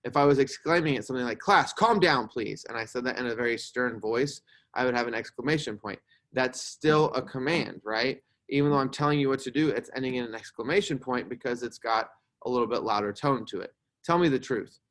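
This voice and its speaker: A man's voice: mid-range voice, steady tone, quick pace, fairly bright tone. A young man teaching a grammar lesson to a class, explaining patiently and checking in with "right?" as he goes.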